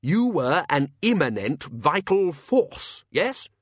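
A man playing a bluff, booming old wizard. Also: big pitch swings, takes it slowly, dry recording, clean studio sound, heavily acted. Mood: hearty. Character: bluff older male archchancellor wizard, hearty and blunt.

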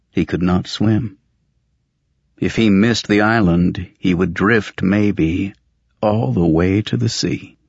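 A man reading fiction aloud as an audiobook narrator, in a steady, measured storytelling manner. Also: deep voice, vocal fry, husky, no echo, highs cut off.

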